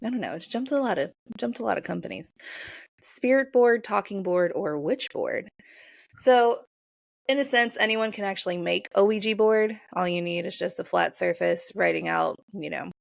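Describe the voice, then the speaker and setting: A woman's voice: on the low side, moderate pace, vocal fry, no room sound, clean studio sound. A woman co-hosting a casual podcast, giggling and rambling as she chats, sometimes tripping over her words. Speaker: podcast co-host. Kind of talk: casual chat.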